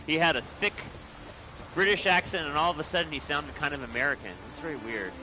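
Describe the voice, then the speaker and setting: A man chatting excitedly to viewers while playing a video game. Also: a little high, fast, noisy background. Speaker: game streamer. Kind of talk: casual gameplay commentary.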